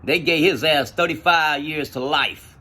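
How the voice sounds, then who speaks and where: A man telling stories in casual, profane street slang, with an animated retelling style. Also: a little high, measured pace. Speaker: storyteller. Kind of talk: casual storytelling.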